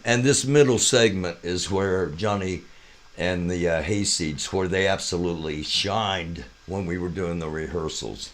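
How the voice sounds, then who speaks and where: A man with a low, unhurried voice hosts a live show. He talks through an opening number and breaks into sing-song rhymes along the way. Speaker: host. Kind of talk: describing and half-singing an opening number.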